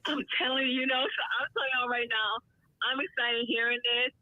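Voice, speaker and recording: A woman calling in to a podcast, telling a dating story in an animated, sassy way. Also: fairly high pitch, brisk, dull audio. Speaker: caller. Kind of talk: casual call-in storytelling.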